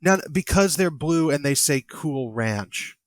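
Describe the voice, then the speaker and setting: An American man co-hosting a podcast in casual chat, halting and hesitant, with many fillers. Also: on the high side, expressive, dry recording. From United States. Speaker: podcast co-host.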